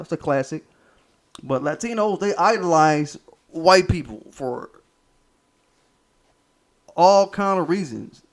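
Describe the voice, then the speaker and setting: An American man hosting a commentary channel, delivering a political monologue in an emphatic, profane, repetitive and preachy way. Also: a little high. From United States.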